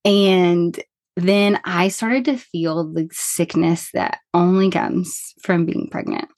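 A woman in her thirties, a counselor guest on a podcast, telling a personal story in a chatty, animated way full of fillers. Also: lowish voice, slow pace, dry recording.

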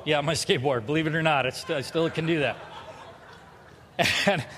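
A man's voice: fairly high pitch, a bit bright, a little hiss or hum. Man preaching in a reverberant hall. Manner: humorous, confessional, acts out dialogue. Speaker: pastor. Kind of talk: sermon with storytelling.

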